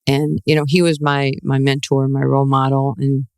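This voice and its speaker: A woman in her sixties from New York, a guest telling lively stories in an interview and acting out the voices in them. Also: a bass voice, normal speed, clear, resonant tone, no echo, studio quality. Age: 60s. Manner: animated storyteller, acts out quoted voices, laughs often. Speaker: guest, former basketball player. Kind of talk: storytelling interview.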